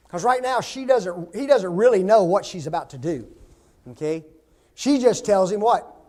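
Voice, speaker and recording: A man teaching a Bible class, animated and joking, often asking the class questions. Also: high-pitched.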